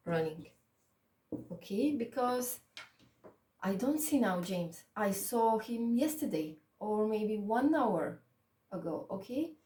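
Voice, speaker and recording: A woman's voice: medium pitch, mellow. A woman teaching an English grammar lesson with small non-native slips, checking often with "okay?" in a patient manner. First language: Macedonian. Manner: slow, patient, repeats "okay?" to check understanding. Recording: echoey room, mic at a distance.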